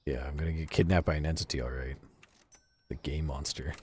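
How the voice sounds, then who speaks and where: During a relaxed game stream, this man reads his chat out loud and talks with viewers, cursing openly and laughing often. He has a rumbling low, husky voice with a steady, darkish tone, and he talks fairly quickly.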